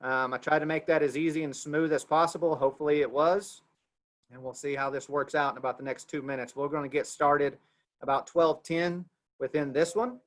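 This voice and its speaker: A man's voice: on the high side, fairly even intonation, fairly quick. A man with an Oklahoma accent hosting a video call, giving loose, repetitive, folksy announcements. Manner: loose, repeats himself, folksy. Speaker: webinar host.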